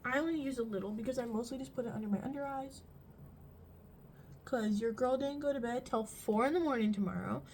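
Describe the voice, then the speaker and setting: High-voiced young woman rambling through makeup. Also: fairly quick, slight background noise, rough recording. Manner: rambling, animated storytelling with frequent fillers. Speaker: vlogger. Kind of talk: get-ready-with-me chat. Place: bedroom.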